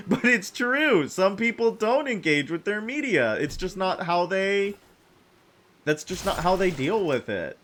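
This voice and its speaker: A man streaming a video game, chatting casually in a rambling, excitable way with sudden jumps in pitch and frequent laughter. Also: a little slow. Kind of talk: casual chat while playing a game.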